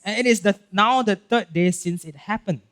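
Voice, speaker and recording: A male pastor with a Singaporean English accent giving a casual, animated sermon, acting out Bible scenes and checking in with "right?" and "okay?". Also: high voice, moderate pace. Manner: casual filler-heavy talk with frequent "right?" and "okay?".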